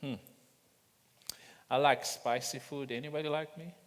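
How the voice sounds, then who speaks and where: A man's voice: medium pitch, steady tone, measured pace. A man preaching a sermon, telling humorous stories and chuckling as he goes. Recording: long reverb of a large hall.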